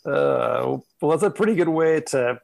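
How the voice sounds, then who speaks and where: A man's voice: fairly high pitch, expressive, measured pace, gravelly, darkish tone. A man hosting a podcast, casual and joking, laughing often. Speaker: podcast host. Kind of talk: casual chat.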